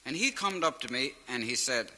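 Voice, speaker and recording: A man's voice: medium pitch, expressive, moderate pace, sharp tone. A man doing a naive young soldier. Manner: simple, earnest dialect storytelling. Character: naive young male rural soldier writing home. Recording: reverberant vinyl transfer with faint hiss.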